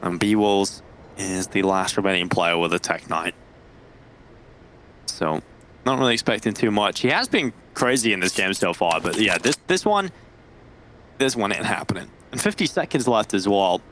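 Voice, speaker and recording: Guy casting an esports match, fast and lively, gunfire from the game going off behind him. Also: on the low side. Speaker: esports caster. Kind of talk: play-by-play commentary. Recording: noisy game audio behind.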